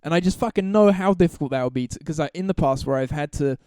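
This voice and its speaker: A man's voice: fairly high pitch, quick pace, darkish tone, clear, resonant tone, dry recording, clean studio sound. A man hosting a solo podcast, talking casually in long, rambling, profane stretches full of restarts and laughs. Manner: laughs through his stories. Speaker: podcast host.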